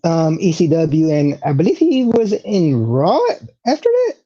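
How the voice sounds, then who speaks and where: A podcast co-host who mostly chimes in with brief, hesitant agreements during a casual wrestling chat. The voice is dark and mellow. It comes through on a dull, lo-fi recording. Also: medium pitch, huge pitch swings, a little slow, slightly rough. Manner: short agreeing replies, hesitant. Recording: dull lo-fi sound.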